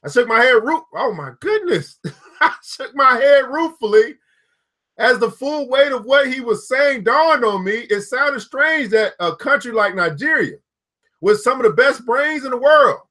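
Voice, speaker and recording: Man, very high voice, bright and forceful, reads a book aloud, excitable, breaks into whoops. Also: moderate pace. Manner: excitable, bursts into whoops and laughter. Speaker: book reader and host. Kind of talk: reading a book aloud with commentary.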